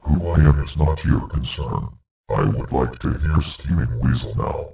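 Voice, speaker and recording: A man voicing a menacing alien caller who gives cold, threatening commands in a deep, gravelly voice. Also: measured pace, warm tone, reverberant, far from the mic, heavily acted.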